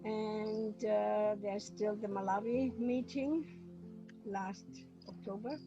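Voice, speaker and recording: A woman speaking English as a second language, giving a talk on a video call with hesitant pauses and restarts. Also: medium pitch, steady tone, muffled recording, over music. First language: not English. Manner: hesitant, apologetic, with many restarts. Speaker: guest speaker. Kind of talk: online talk.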